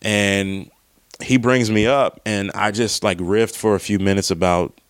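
A man with a very low, smooth, resonant voice tells a rambling story, cursing freely as he goes. The sound is close and dry, with no room around it. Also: a little slow, no room sound. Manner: profane, rambling, animated retelling. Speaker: comedian. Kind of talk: casual storytelling monologue.

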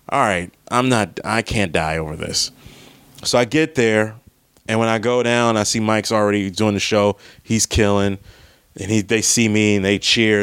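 A man with a very low, smooth, resonant voice tells a rambling story, cursing freely as he goes. The sound is close and dry, with no room around it. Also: no echo. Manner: profane, rambling, animated retelling. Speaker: comedian. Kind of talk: casual storytelling monologue.

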